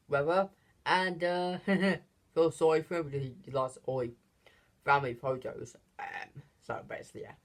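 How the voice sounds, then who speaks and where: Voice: medium pitch, fairly even intonation, moderate pace. A channel host giving a casual, unscripted movie review, rambling with lots of fillers and restarts and giggling often between phrases.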